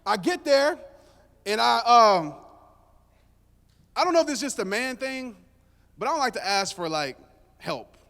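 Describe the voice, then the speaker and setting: On stage before a live crowd, a motivational speaker tells a story in a relaxed way and trades jokes with the audience. His very high voice is very animated yet unhurried, creaky and a bit bright, with frequent pauses, all wrapped in long hall reverb.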